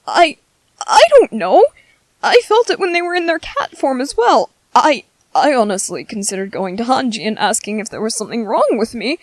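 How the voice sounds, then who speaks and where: A woman's voice: medium pitch, very animated, a little fast, few pauses, no room sound. A woman voicing a shy, bookish young male soldier in an ASMR audio drama, nervous and stammering.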